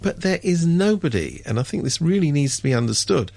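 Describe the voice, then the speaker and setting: Brief: sardonic male radio commentator, gravelly, lively pitch, dry studio sound. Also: a little fast, no room sound. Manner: wry, sardonic, mimics others with sudden high pitch jumps. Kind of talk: casual radio chat.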